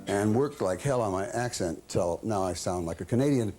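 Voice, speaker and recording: A man's voice: on the low side, lively intonation, moderate pace, music in the background. A man in his sixties, a talk show guest from the American South, telling self-deprecating stories with a chuckle. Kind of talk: casual anecdotes. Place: TV studio with audience.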